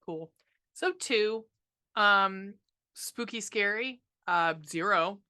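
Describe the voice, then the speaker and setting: Woman, podcast co-host, casual movie review, profane, ranting, bright tone. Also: mid-range voice, takes it slowly, clean tone. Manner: profane, ranting, frequent ums.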